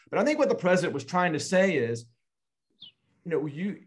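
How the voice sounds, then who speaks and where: A man, a guest in an interview, telling a family story earnestly and slowly with frequent pauses. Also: high voice, sing-song.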